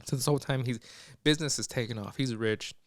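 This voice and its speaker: A man's voice: mid-range voice, quick pace, no room sound. A young man co-hosting a podcast, casually retelling a movie plot and quoting the characters with "he's like" and "she's like". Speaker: podcast co-host. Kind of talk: casual storytelling chat.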